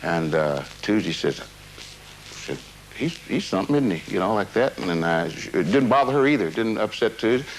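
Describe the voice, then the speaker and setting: A man's voice: on the low side, lively intonation, moderate pace, a little hiss or hum, poor audio. A man being interviewed, recounting a personal memory in a rambling, casual way with many fillers and restarts. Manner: casual, drops "man" into his talk.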